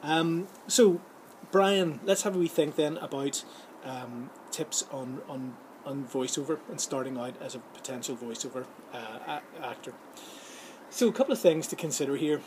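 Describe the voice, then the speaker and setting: Chatty man over steady room noise. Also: mid-range voice. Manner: chatty and jokey, many fillers and restarts. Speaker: vlog host giving film and voiceover tips. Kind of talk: casual rambling chat to camera. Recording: clear background ambience noise.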